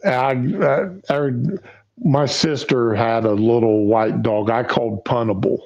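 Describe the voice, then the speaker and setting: A man hosts a casual talk stream, speaking at a slow, drawn-out pace. He is folksy and answers his own rhetorical questions. The audio is dull and lo-fi. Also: mid-range voice, a little mellow. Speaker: livestream show host. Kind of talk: casual political chat.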